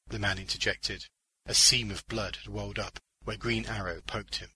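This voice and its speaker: A man reading a short story aloud as narrator, with an expressive storytelling delivery. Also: fairly low pitch, normal speed, husky, rough recording. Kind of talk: scripted audiobook narration.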